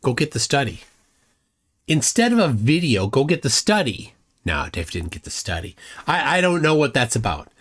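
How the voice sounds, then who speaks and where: A man's voice: medium pitch, sing-song, normal speed, a bit bright, husky. A man hosting a live reaction stream, reading chat comments aloud and mocking the clip with sarcastic asides. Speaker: livestream host reacting to a video.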